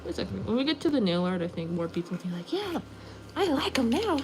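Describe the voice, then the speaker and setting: A woman nail artist chatting casually on a livestream, animated and full of "like", talking while she works in her nail studio. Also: fairly low pitch, rapid-fire, background noise. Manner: chatty, animated, says "like" often. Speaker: nail artist streaming live.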